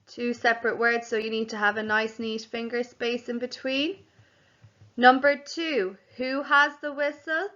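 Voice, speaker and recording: Slow, bright-voiced woman teacher. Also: a little high, highs cut off. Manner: slow, clear, sing-song teacher voice, spelling words out. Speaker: primary school teacher. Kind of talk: home learning lesson for young children.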